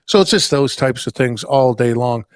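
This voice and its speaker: A man's voice: mid-range voice, moderate pace, no echo. A man hosting a casual podcast chat, telling anecdotes and acting out what customers said in different voices, and swearing casually. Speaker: podcast host.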